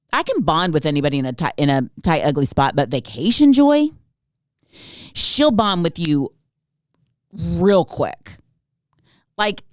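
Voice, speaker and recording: Exasperated woman ranting, low and lively. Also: dry recording, clean studio sound. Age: adult, not Gen Z. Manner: exasperated, animated ranting with rhetorical questions. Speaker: podcast host. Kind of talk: comedic storytelling monologue.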